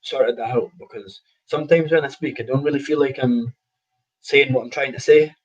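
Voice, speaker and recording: A man's voice: mid-range voice, steady tone, normal speed, husky, dull audio. A man, a professional boxer telling stories in a casual interview, rambling with restarts and laughing at himself.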